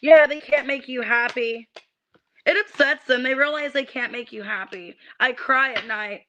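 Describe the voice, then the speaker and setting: A woman gives a livestreamed tarot reading in a high, sharp voice. She rants with irritation, swearing and tripping over her restarts. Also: moderate pace, dull audio, a little hiss or hum. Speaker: tarot reader.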